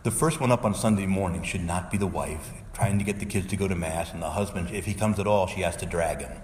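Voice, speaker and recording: A man's voice: low voice, fast, a little mellow, in a large hall, a little hiss or hum. A male Catholic priest preaching a sermon, earnest and exhorting, sometimes pleading with his listeners.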